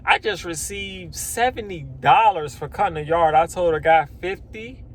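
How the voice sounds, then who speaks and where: A man vlogs outdoors about his lawn care work. His voice sits high for a man, and he talks casually. He rambles, swears, and acts out his own shocked reactions. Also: lively intonation, moderate pace, slight background noise. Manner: swears then apologizes. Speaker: lawn care business owner. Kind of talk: casual vlog storytelling.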